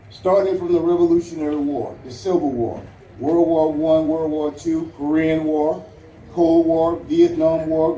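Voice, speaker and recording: A man delivers a rousing, earnest ceremonial speech, pausing for effect and slipping in light jokes. His voice sits a little high but sounds mellow and warm. It carries from a distance across an echoey open space with faint outdoor ambience. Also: a little hiss or hum. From Louisiana, United States. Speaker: Veterans Day ceremony speaker. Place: outdoor memorial ceremony at a national cemetery.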